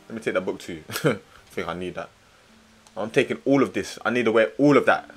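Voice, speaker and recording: A young man giving excitable, slang-heavy let's-play commentary, swinging between muttering and loud outbursts. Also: fairly low pitch, moderate pace, pauses often, husky, faint music behind. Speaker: gaming streamer.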